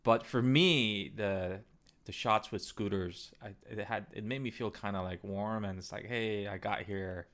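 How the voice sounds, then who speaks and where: This thirty-something man shares a travel story casually, wandering off track and swearing as he goes. He's a travel vlogger with a low-leaning, slightly bright voice and a somewhat slow delivery.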